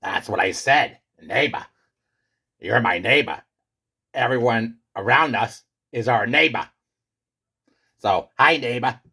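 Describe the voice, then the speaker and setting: Man playing a bragging pizza hero, gravelly and husky, bright edge, theatrical. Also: takes it slowly, pauses often, exaggerated voice. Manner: booming, theatrical, insistent. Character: boastful male pizza character, self-styled great one. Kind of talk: comedy skit.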